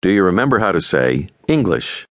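A man narrating a scripted audio language lesson, giving clear, patient instructions. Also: sits low, big pitch swings, brisk, dry recording, clean studio sound.

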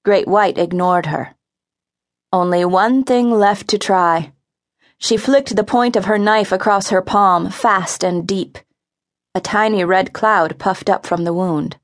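A woman narrating a teen adventure audiobook with expressive, vivid storytelling. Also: medium pitch. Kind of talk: scripted narration.

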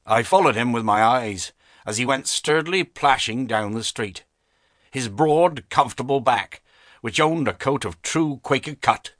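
An audiobook narrator with a medium-pitched male voice reads an unabridged classic novel in a measured, expressive storytelling style. This scripted reading was recorded close and dry in a studio, with no room sound.

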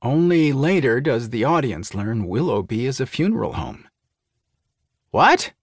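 A man narrating a first-person thriller audiobook in a measured, even storytelling manner. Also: medium pitch, slightly rough, no echo, clean studio sound.

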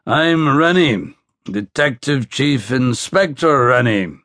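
A man voicing a huge, blunt police detective from Belfast, with a Belfast accent, speaking gruffly and profanely in an audiobook. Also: medium pitch, lively intonation, slow, a bit bright, dry recording, clean studio sound. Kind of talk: audiobook character voice.

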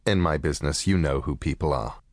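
A man doing a gruff hard-boiled private eye. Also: extremely low pitch, fairly quick, no room sound, studio quality, pitched below the performer's own voice. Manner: clipped, gruff tough-guy talk. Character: hard-boiled male private eye, world-weary and wisecracking. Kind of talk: audiobook character voice.

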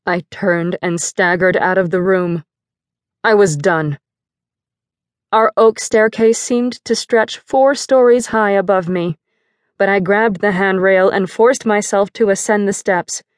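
A woman narrates a first-person novel in a measured, dramatic voice of middle pitch. She is close on a studio mic, and the sound is dry with no room echo. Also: steady tone. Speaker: audiobook narrator.

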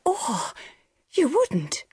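A woman voicing an anxious, earnest young farm daughter, lifted well above her own pitch. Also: wildly swooping pitch, drawn-out words, darkish tone, no room sound, clean studio sound, full character voice.

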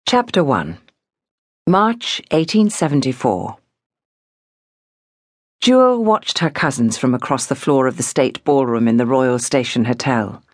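Low, expressive woman narrator. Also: unhurried, long pauses, dry recording, clean studio sound. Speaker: audiobook narrator. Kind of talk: scripted narration.

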